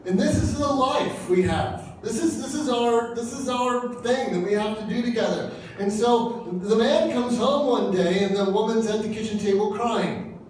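In a very echoey church hall, recorded from a distance, a pastor in his fifties delivers a humorous sermon. His voice is extremely high and his speed normal, and he jokes around while acting out little dialogues in different voices.

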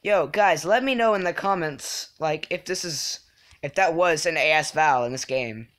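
A young man chatting through a live game stream, his slightly high, bright voice carrying easily. He mumbles asides to himself, then flares into loud, exasperated protests whenever other players catch him out. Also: moderate pace. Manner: excitable, swings from mumbling to yelling in frustration. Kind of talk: casual live game commentary.

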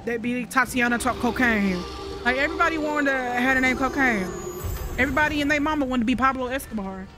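A woman's voice: sits high, fast talker, music in the background. A woman giving casual let's-play commentary, joking bluntly and sarcastically with heavy profanity and rambling asides to viewers. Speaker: gaming commentator.

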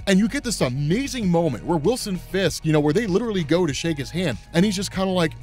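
A man's voice: high-pitched, lively intonation, quick pace, few pauses, a little mellow, faint music behind. A man recapping a comic story in a loose, conversational way, full of asides and filler words. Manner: loose, conversational, lots of "like" and "right?". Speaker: comics explainer host. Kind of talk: casual recap commentary.

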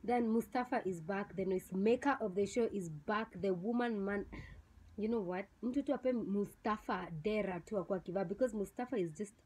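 A woman's voice: mid-range voice, moderate pace, a little mellow, slightly rough, poor audio. Blunt young Kenyan woman vlogger. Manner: blunt, scornful, slips into Swahili slang. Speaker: vlogger reviewing a TV show. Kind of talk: casual opinionated review.

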